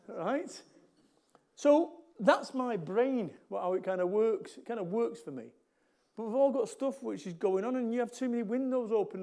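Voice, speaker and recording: A man with a Mancunian accent whose voice sits very high for a man. He talks to a live audience as a motivational speaker, blunt and jokey, and he hammers points home by saying them twice. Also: dark tone. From Salford, England. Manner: blunt, jokey, repeats lines for emphasis.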